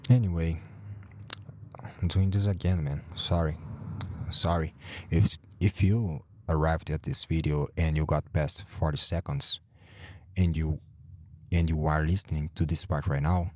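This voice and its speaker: A man hosting a rambling solo podcast from a parked car, speaking English as a second language, self-deprecating and swearing a lot with halting restarts. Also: extremely low pitch, no room sound. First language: not English. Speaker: podcast host.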